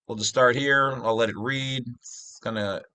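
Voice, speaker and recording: Bright-voiced rambling middle-aged man. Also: medium pitch, fairly even intonation, moderate pace, clean tone, no room sound. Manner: rambling, jokey asides, self-interrupting. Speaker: channel host. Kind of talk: casual explainer talk over a screen.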